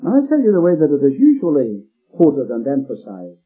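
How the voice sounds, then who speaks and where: A man's voice: fairly high pitch, wildly swooping pitch, brisk, slightly rough. A man preaching an expository sermon, stressing and repeating key phrases with emphasis. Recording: phone-like lo-fi recording with faint music.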